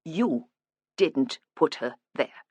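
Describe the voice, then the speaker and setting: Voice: medium pitch, very animated, normal speed, fairly bright tone, dry recording. A blunt, no-nonsense middle-aged woman inspector, as an audiobook narrator puts her on, speaking directly and with weight on her words. The read is close and dry, with no room around the voice. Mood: emphatic.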